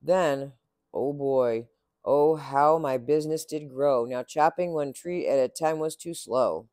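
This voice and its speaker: A man's voice: a little high, unhurried, a little mellow, dry recording, studio quality. A man narrating a rhyming children's storybook aloud with a rhythmic, sing-song delivery. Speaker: storybook reader.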